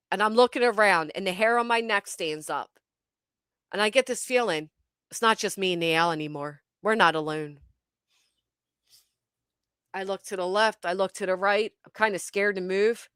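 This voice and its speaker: A woman hosting her channel, telling a comic story to her live chat with animated, profane delivery and dramatic pauses. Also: medium pitch, clear, resonant tone, no echo, studio quality. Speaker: channel host.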